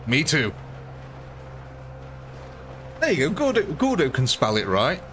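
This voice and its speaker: A man's voice: fairly high pitch, wildly swooping pitch, a little slow, fairly bright tone, slight background noise. A young man with a northern English accent, chatting on a live stream, answering viewers by name and laughing often. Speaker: game streamer. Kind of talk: live-stream chat and commentary.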